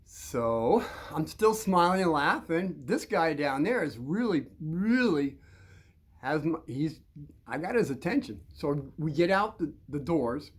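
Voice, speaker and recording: An older man telling a story in a lively, wandering way. His pitch climbs and dips all over as he gets into it, and he loops back on himself. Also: unhurried, breathy edge. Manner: rambling, animated, frequent restarts and laughs. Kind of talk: casual storytelling.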